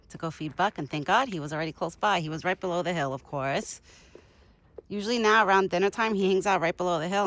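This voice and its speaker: A woman vlogging outdoors while feeding a deer, chatty and bubbly, laughing often and a little out of breath. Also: lowish voice. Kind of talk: casual outdoor vlog. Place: outdoors in a yard.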